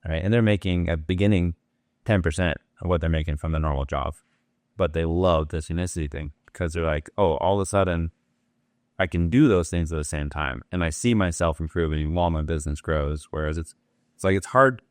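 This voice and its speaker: A man hosting an interview, talking in a relaxed, reflective way and asking open questions. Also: low voice, brisk, no echo, studio quality. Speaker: host. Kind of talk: casual interview talk.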